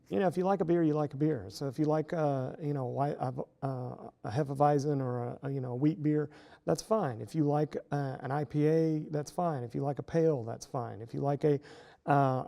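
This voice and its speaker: A middle-aged professor talking casually as an interview guest, explaining at length with many fillers and restarts. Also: male voice, on the high side, fairly even intonation, moderate pace, vocal fry, warm tone.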